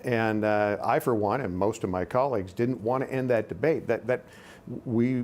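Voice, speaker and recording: A man's voice: fairly low pitch, a little mellow. A man, a politician, answering an interview earnestly, often repeating words as he restarts a sentence. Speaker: congressman.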